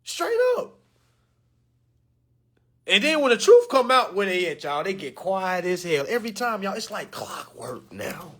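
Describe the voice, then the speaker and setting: A man ranting to camera in an animated, joking way, loud and slangy, calling out to his viewers. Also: high-pitched, measured pace.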